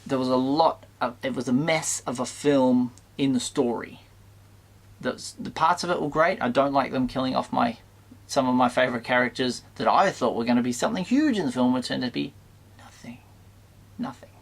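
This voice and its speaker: A man with a middle-pitched voice and a noticeably gravelly edge talks straight to his viewers. His delivery is casual and halting, full of restarts and mild exasperation. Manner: hesitant, halting, with many restarts; mildly exasperated, conflicted. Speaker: toy channel host reviewing a film. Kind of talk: casual spoken review to camera.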